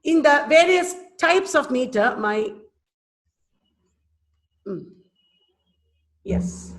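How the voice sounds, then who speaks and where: Woman lecturer, higher voice, slow and sing-song, on a video call in an echoey room. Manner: slow, emphatic, sounding out stress patterns. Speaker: teacher. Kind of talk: webinar lecture. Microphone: computer mic on a video call.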